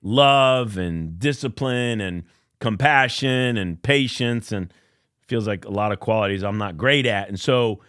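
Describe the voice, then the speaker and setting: A man's voice: fairly low pitch, measured pace, fairly bright tone, smooth, dry recording, clean studio sound. Earnest storytelling man in his fifties. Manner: earnest, emotional storyteller who acts out quotes. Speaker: college baseball coach, guest. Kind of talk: podcast interview storytelling.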